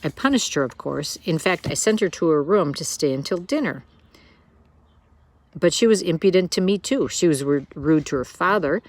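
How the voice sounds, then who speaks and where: A proper mother talks earnestly and frets, at times a bit higher-pitched, as a woman reads her aloud. Her speech is polite and careful. It is a storybook reading. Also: lively intonation, moderate pace, no echo. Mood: fretful.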